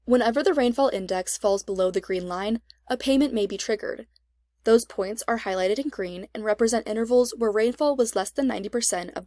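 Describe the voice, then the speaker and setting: A woman reading a scripted step-by-step software tutorial as an extension instructor, in an even, measured way. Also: mid-range voice, no echo, clean studio sound.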